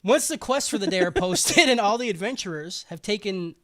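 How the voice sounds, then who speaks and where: Animated laughing podcast host, man. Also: high-pitched, a little fast. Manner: loud, laughing, acts out characters in gruff voices. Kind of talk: crude comedic recap chat.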